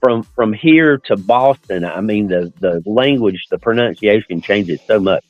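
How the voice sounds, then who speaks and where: A man's voice: on the low side, expressive, unhurried, no echo, muffled recording, soft background music. An American man co-hosting a live stream chat, asking curious questions and enthusing about pronunciation. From United States.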